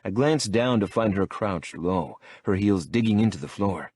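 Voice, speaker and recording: Low, husky male audiobook narrator. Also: animated, moderate pace, darkish tone, no room sound. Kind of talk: first-person audiobook narration.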